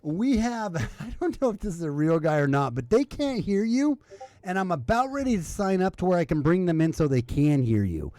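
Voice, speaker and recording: A man's voice: high-pitched, very animated, normal speed, warm tone, dry recording. A man hosting a live stream, a little drunk, chatting loosely with laughs and restarts. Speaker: livestream host. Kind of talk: casual live-stream chat.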